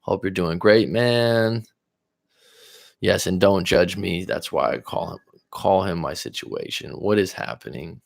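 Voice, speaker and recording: A Californian man hosts a relaxed live stream, reading out viewer messages and riffing on them. His voice sits low, with a gravelly, fry-heavy edge. He talks loosely and drifts between topics. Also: unhurried. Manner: reads viewer comments aloud and answers them; loose, rambling, with fillers and restarts. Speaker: relationship coach hosting a live stream. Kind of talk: casual live-stream chat.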